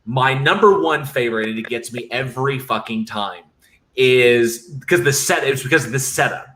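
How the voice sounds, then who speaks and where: Male podcast host, bright forceful voice, casual and animated, swears freely. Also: medium pitch, normal speed. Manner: animated, swearing, retells scenes excitedly. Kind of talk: casual chat.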